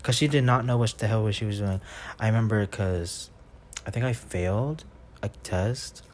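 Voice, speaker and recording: A man's voice: on the low side, moderate pace, a little mellow, slight background noise. A young man co-hosting a podcast, telling school stories in casual chat with heavy cursing, laughing as he goes. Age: young adult. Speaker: podcast co-host.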